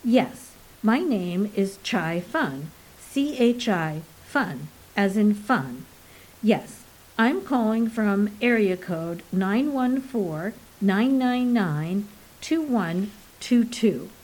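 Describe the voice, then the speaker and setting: A woman doing a stiffly polite male envoy in a storybook reading. He speaks formally and precisely, with unhurried pacing. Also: medium pitch, lively intonation, a little mellow, poor audio.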